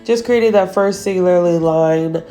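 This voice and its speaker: A woman's voice: fairly low pitch, moderate pace, warm tone, faint music behind. A woman nail artist giving a casual voice-over for her nail art tutorial, chatty and teasing herself about her own mistakes.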